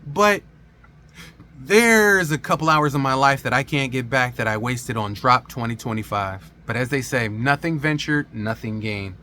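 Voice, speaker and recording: A man delivering a movie review in a sarcastic, emphatic rant. His voice sits at an ordinary middle pitch, and he talks straight to his viewers in a casual vlog style. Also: moderate pace, pushed and bright, a little hiss or hum.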